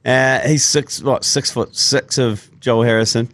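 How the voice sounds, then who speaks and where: A man's voice: medium pitch, steady tone, measured pace, a bit bright, no room sound. A man with a New Zealand accent, hosting a podcast and telling rambling, self-mocking stories while hungover. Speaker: podcast host. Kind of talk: casual banter.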